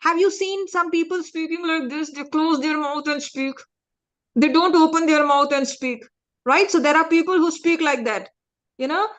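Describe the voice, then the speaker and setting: Lively high-voiced woman teaching speaking. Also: moderate pace. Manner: animated, demonstrative, asks the class questions. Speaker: public speaking trainer. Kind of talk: interactive lesson to young students.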